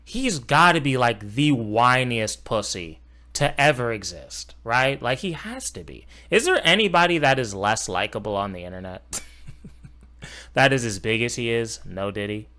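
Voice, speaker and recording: A man's voice: mid-range voice, lively intonation, moderate pace, bright, forceful tone. A young man reacting to a video as a streamer, casual, profane and sarcastic.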